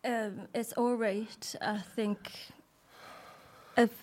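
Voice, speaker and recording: A Geordie pop singer in her thirties, as a woman puts her on, dodges each question with coy, drawn-out answers. Her voice sits a little high, and she leans on "like" between phrases. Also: fairly even intonation, darkish tone. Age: 30s. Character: female pop star impersonation, coy and evasive.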